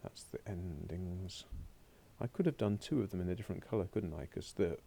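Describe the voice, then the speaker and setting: Seated at a laptop, whether at home or a classroom desk, a gravel-voiced male French teacher narrates a recorded lesson over his slides. He speaks at an ordinary speed in a low, dark, mellow tone, chatting to himself as he works through them.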